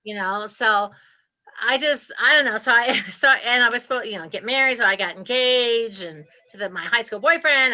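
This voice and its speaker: A woman's voice: fairly high pitch, normal speed. A woman, animatedly telling stories as an interview guest and laughing often. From Ohio, US Midwest. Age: 60s. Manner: animated, laughs often, acts out her past self. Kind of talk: casual storytelling interview. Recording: slightly muffled lo-fi audio.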